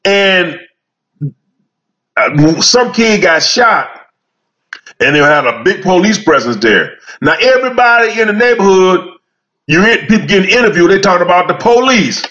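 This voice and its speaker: A man's voice: high-pitched, very animated, unhurried, pushed and bright, dull audio. A man talking casually in a rambling storytelling monologue, repeating phrases as he goes.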